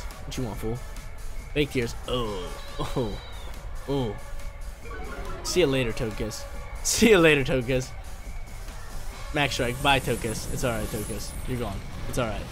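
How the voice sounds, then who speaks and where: A man giving casual, excitable commentary over his own video game battle, trash-talking and joking as he plays. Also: mid-range voice. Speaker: gaming YouTuber. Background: background game music.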